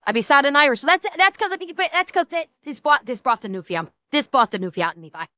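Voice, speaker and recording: A woman's voice: high-pitched, lively intonation, fast talker, bright, forceful tone, no echo. A woman voicing a brash, scolding Newfoundland woman with a thick accent and a mocking, sing-song delivery, as part of a streamer reaction rant. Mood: sing-song boast. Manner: mocking, sing-song, heavy dialect slang.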